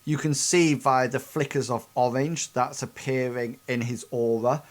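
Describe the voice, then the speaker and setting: Guy gm'ing a tabletop session, mid-pitched, halting, keeps restarting his sentences. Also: steady tone. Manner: halting, many restarts while describing scenes. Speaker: game master. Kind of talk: narrating a tabletop game.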